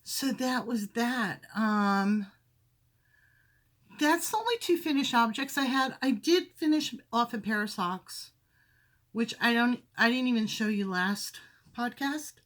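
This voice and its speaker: A woman's voice: fairly high pitch, animated, measured pace, a bit bright. A woman hosting a crafting podcast at home, chatting casually and rambling as she shows her projects. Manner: chatty, rambling, self-correcting. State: briefly out of breath. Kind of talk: casual chat. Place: home craft room with windows.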